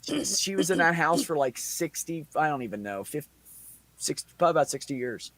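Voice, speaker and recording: A man's voice: a little high, very animated, fairly quick, fairly bright tone, dry recording. A middle-aged man telling a long family story in casual chat, rambling and swearing freely. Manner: rambling, profane, laughs between lines. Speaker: podcast host.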